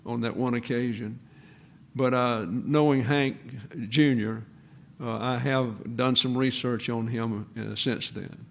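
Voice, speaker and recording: Man in his 80s, pastor, sermon, gravelly voice, earnest, unhurried with pauses. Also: medium pitch. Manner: earnest, measured delivery with pauses and fillers.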